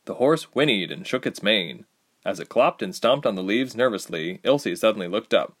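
A man narrating a fantasy audiobook with expressive storytelling. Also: on the low side, normal speed, breathy edge. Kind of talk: scripted narration.

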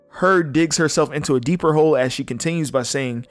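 A young man hosting a casual solo podcast, blunt and animated, swearing freely as he comments. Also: on the high side, fairly quick, few pauses, faint music behind. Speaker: podcast host.

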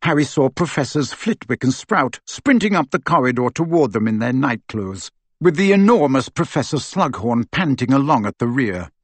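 Breathy male audiobook narrator. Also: mid-range voice, big pitch swings, moderate pace, hardly any pauses, no echo. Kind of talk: scripted narration.

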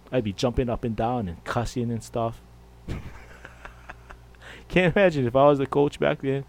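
A man's voice: mid-range voice, moderate pace, pauses often. A middle-aged man hosting a podcast, rambling and jokey in a casual monologue. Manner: rambling, jokey, full of fillers. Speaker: podcast host.

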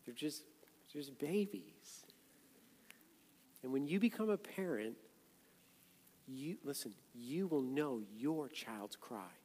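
A man preaching a sermon as a pastor, conversational and then loud and emphatic. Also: medium pitch, lively intonation, unhurried. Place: church sanctuary. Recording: echoey hall, long reverb.

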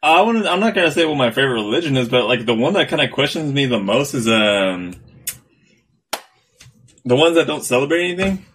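A man's voice: medium pitch, very animated, fairly quick, fairly bright tone, slightly rough. A man in casual chat, talking hesitantly with many fillers.

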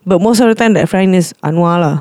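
A man's voice: high voice, quick pace, a little mellow, no room sound, clean studio sound. A young man with a Malaysian English accent, chatting candidly as a podcast co-host and slipping Malay words into his speech. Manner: candid, mixes in Malay words, restarts often. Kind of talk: casual chat.

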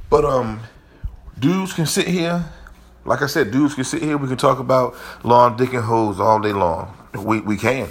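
Husky man telling a profane story. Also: medium pitch. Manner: profane, rambling, animated. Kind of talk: casual storytelling monologue.

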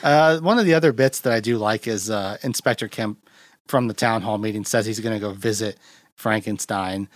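A man's voice: fairly low pitch, moderate pace, dry recording, clean studio sound. A man hosting a podcast, recapping a film in loose, rambling casual chat and acting out quotes in a raised voice. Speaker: podcast host.

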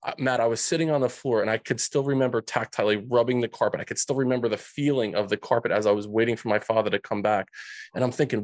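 A man with a fairly low, darkish voice talks quickly and in a steady tone as a podcast guest. He earnestly relates a painful childhood story, repeatedly restarting his sentences, with no echo in the audio.

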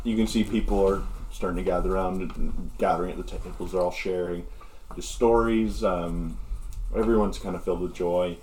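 Low-voiced man narrating as game master. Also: fairly even intonation, moderate pace, darkish tone, slight background noise. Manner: casual, many fillers.

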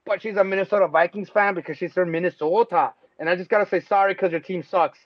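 A Mexican man with a high, excitable voice hosts a podcast of casual sports chat. He talks quickly, loosely and profanely, laughing often. The recording is dry, with a dull lo-fi sound.

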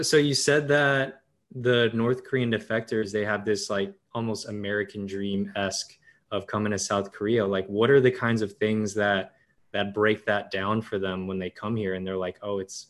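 Low-voiced, easygoing male host. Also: fairly even intonation, moderate pace. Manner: laughs easily, asks follow-up questions. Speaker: podcast host. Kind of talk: casual conversational interview.

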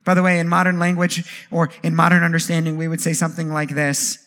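A man preaching a sermon as pastor, animated, with jokey asides and rhetorical questions. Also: on the high side, fast talker.

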